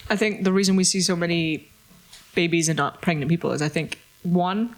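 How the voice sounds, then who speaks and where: A man's voice: on the high side, brisk. A young man in his twenties from Scotland, co-hosting a casual podcast and teasing his friend with provocative questions. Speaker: co-host.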